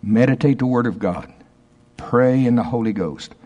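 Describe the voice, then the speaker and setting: A male pastor preaching a sermon, reading quotations slowly and emphatically with asides to the congregation. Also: mid-range voice, lively intonation, mellow, highs cut off.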